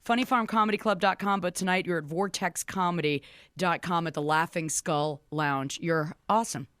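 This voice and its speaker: A woman's voice: lowish voice, fairly even intonation, moderate pace, a bit bright, no room sound, clean studio sound. A woman radio host interviewing a guest in an upbeat way and laughing often.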